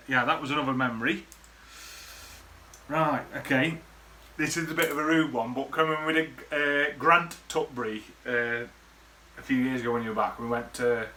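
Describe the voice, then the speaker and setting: A man's voice: medium pitch, pushed and bright, a little hiss or hum. A man, rambling through casual, sweary memories in a laddish way to the camera. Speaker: vlogger. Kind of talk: casual reminiscing monologue.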